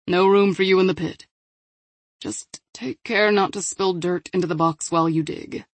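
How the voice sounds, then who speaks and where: A woman voicing a male police officer who gives firm, brisk instructions. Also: fairly low pitch, fairly even intonation, no room sound, natural voice.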